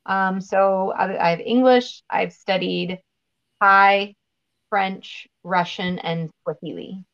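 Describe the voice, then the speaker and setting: A woman actress chatting as an interview guest, talking in an animated, storytelling way. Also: mid-range voice, takes it slowly, highs cut off. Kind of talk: casual interview chat.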